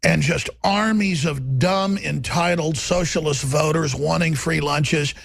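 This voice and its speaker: Gravelly, raspy Texas talk-radio man. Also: fairly high pitch, measured pace, a bit bright. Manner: combative, sarcastic, rambling. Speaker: radio talk show host. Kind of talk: ranting talk radio monologue.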